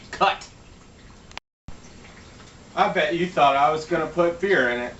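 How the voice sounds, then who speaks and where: A man's voice: a little high, unhurried, pauses often, a bit bright, lo-fi sound. Man, home cook, crude jokes, casual demo, echoey kitchen, mic far off, faint background noise. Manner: joking, swears freely. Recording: echoey room, mic at a distance.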